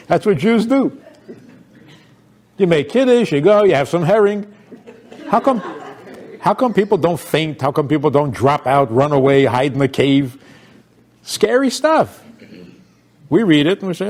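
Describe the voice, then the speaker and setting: A man's voice: sits high, sing-song, unhurried, pauses often, a little mellow. An older man, a rabbi, giving an informal talk to an audience, telling stories, asking rhetorical questions and laughing often.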